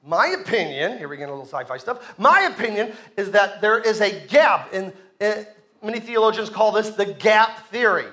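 A man preaching a sermon to a congregation, joking and animated, often asking the room to respond. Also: sits high, moderate pace. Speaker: pastor. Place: church sanctuary with congregation.

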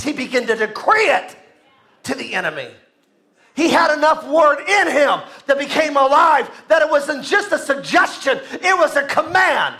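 A man preaching a sermon in a very high, bright voice. He shouts out his declarations, then drops into quieter asides, and keeps calling on the congregation to repeat his words. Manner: calls to the congregation for responses. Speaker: pastor.

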